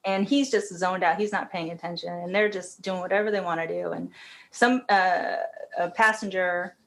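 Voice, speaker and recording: A woman's voice: lowish voice, steady tone, moderate pace, vocal fry. Podcast guest, woman, casual and heartfelt, laughs easily, talks in loose run-on phrases. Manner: chatty, laughs often, emotional. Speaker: podcast guest, company COO.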